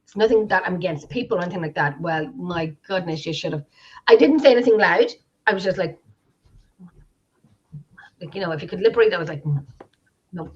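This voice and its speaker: A woman's voice: fairly low pitch, lively intonation, fast, long pauses. An Irish woman on a video call, telling a story in casual chat, emotional and rambling, with many restarts. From Ireland. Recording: dull lo-fi sound.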